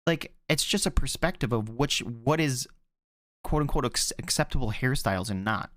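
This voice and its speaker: A man co-hosting a live-streamed podcast, chatting casually and swearing as he tells animated stories. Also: mid-range voice, moderate pace, no echo, studio quality. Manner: animated storytelling, swearing freely. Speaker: podcast co-host. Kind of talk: casual chat.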